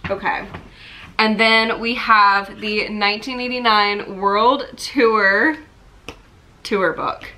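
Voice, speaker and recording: A young woman in a casual vlog, chatting excitedly and emotionally about her collection. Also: medium pitch. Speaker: vlogger showing a merch collection. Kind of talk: casual chat.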